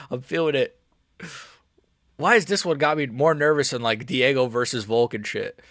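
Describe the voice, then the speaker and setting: A young man chatting casually during a live stream, excitable and rambling, and he keeps repeating how nervous he is. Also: mid-range voice, a little fast, dry recording, studio quality. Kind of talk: live watch-along chat.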